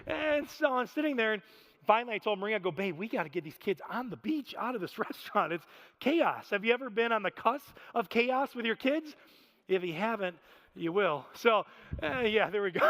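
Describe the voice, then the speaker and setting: A man in his thirties preaching a sermon, telling stories in an animated, self-deprecating way with frequent laughter. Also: high voice, fairly quick. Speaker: pastor. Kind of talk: storytelling sermon. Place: church sanctuary. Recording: reverberant church hall.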